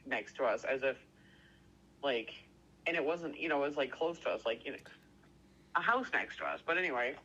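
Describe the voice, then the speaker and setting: A man telling a story in casual chat, excitable and rambling, swearing constantly and stuffing every sentence with "like". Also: mid-range voice, breathy edge, dull audio. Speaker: podcast co-host.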